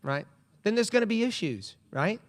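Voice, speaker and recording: A man's voice: sits high, normal speed. A male pastor preaching a humorous sermon in a church, telling stories with playful comic voices. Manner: animated storytelling with comic voices. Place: church sanctuary.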